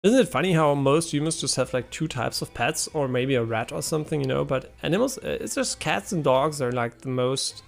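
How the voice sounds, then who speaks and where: A young man streaming live, giving casual gameplay commentary, excitable and swearing a lot as he talks to his chat. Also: a little high, fairly quick, vocal fry, few pauses.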